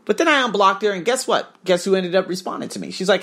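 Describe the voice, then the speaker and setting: A man's voice: sits high, fast talker, fairly bright tone. A man telling a blunt, profane personal story in a confessional monologue.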